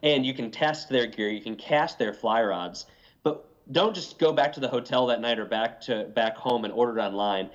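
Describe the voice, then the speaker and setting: A man's voice: medium pitch, normal speed, highs cut off. A man speaking as a podcast guest, giving earnest advice in casual conversation. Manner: earnest, advising. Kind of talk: casual interview talk.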